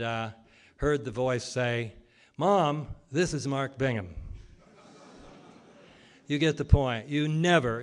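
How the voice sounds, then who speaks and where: Speaking in a clear, resonant voice of medium pitch, a male lecturer argues his case before the public, throwing out rhetorical questions and often stalling on ums and uhs.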